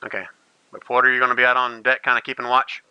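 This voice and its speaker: A man's voice: medium pitch, completely flat delivery, fast, clear, resonant tone, dull audio. A man narrating a tabletop game as game master, rambling and playful, often restarting his sentences.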